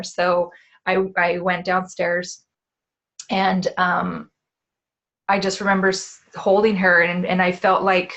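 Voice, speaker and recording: A woman's voice: fairly low pitch, little pitch movement, a bit bright. A woman podcast host telling a candid personal story, with frequent restarts and asides of "like" and "right?". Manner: candid, quick restarts, often says "like" and "right?".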